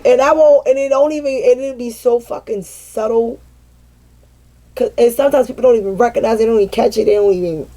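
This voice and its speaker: A woman's voice: medium pitch, mellow. A woman giving a casual vent session to her viewers as a tarot reader, dramatic and profane, often breaking into laughter.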